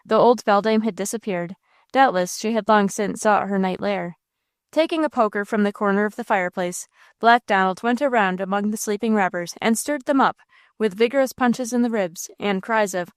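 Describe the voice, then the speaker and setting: A woman's voice: medium pitch, moderate pace, smooth, no room sound. Woman narrating an audiobook, dry and close.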